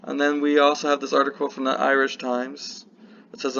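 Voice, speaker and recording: A man's voice: medium pitch, completely flat delivery, a little fast, vocal fry, a bit bright. A man giving casual political commentary in a vlog, rambling and breaking off with apologetic asides. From United States. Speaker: political vlogger. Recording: slightly muffled with faint hiss.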